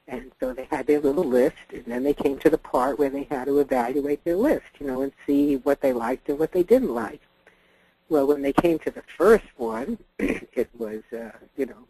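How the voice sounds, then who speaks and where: A man's voice: husky, no echo, poor audio. An older man telling a family anecdote on a parenting podcast, chuckling often as he talks. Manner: chuckling, animated storyteller with a wide-ranging pitch. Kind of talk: anecdotal storytelling.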